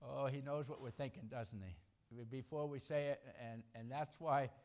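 Animated, chuckling man preaching a sermon. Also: mid-range voice, moderate pace. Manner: conversational, animated preaching with acted-out quotes; chuckles between points.

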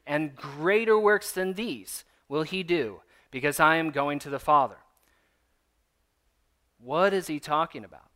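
A man delivers a sermon in a chatty, explanatory way, leaning hard on his key points. His voice sits a little high and sounds bright and forward. He talks to the congregation as if in conversation. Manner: conversational, emphatic teaching with asides. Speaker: pastor.

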